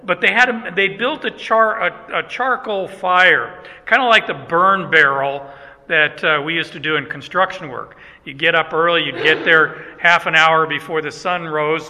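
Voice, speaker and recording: A male pastor preaches in a folksy, self-deprecating way, stopping to restart his phrases. His voice sits high and sounds very bright. The words carry a long echo through a church hall. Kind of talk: sermon. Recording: echoey hall.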